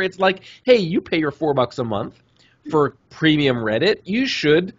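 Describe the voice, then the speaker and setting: A man with a cold, co-hosting a casual podcast chat with joking, animated banter. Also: a little high, unhurried. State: has a cold. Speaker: co-host. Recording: dull lo-fi sound.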